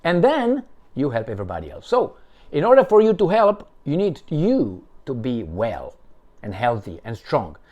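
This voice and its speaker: Animated, sarcastic male commentator. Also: mid-range voice, normal speed. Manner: animated and sarcastic, with emphatic swings and mocking asides. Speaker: political commentator. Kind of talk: solo commentary, reading and reacting to news articles.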